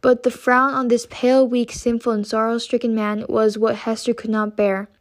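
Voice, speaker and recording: A woman reading a classic novel aloud in a steady, measured way, with an occasional slip. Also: fairly high pitch. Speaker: audiobook reader.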